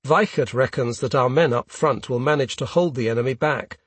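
Husky male audiobook narrator. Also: mid-range voice, fairly quick, no echo. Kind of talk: scripted first-person narration.

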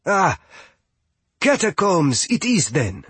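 A man voicing a brawny, gruff young woman warrior in a storybook, with a growling manner. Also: mid-range voice, slow pace, no room sound. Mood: flustered. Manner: growling, then flustered.

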